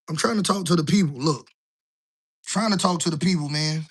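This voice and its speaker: A man's voice: on the high side, brisk, long pauses. A man talking casually on a live stream while walking through a house with a handheld phone, loose and chatty, often tossing in "right?". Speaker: online business coach. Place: indoors in a house, walking room to room.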